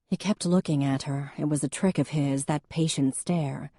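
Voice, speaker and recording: Woman audiobook narrator, low warm voice, dry close recording, measured delivery. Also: no room sound. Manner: even, measured storytelling.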